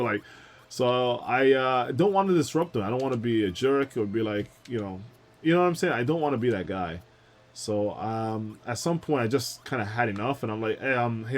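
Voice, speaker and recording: A young man streaming a video game, telling a rambling story with lots of fillers and asides. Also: medium pitch. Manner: rambling, chatty anecdotes with frequent laughs and fillers. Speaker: gaming streamer. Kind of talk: casual let's-play storytelling.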